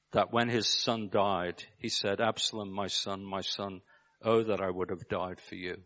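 A man with a Scouse accent preaches in a low, measured voice, turning to his listeners with rhetorical questions. The recording is dull and lo-fi. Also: a bit bright. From Liverpool, England. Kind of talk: sermon.

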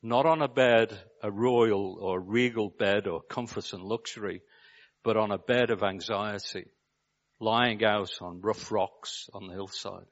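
Low-voiced Scouse man preaching. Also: fairly even intonation, dull audio. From Liverpool, England. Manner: measured, with rhetorical questions to the listener. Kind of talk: sermon.

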